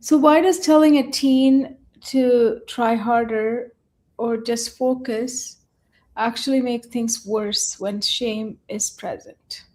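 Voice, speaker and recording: Higher-pitched woman asking interview questions. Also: fairly even intonation, slow pace, darkish tone. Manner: affirming, asks probing questions. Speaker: interviewer host.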